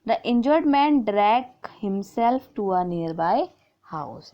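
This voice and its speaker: In a muffled recording, a woman teacher with an Indian English accent and a mid-range voice patiently goes through grammar exercises from a school book. She reads the sentences out and repeats the answers.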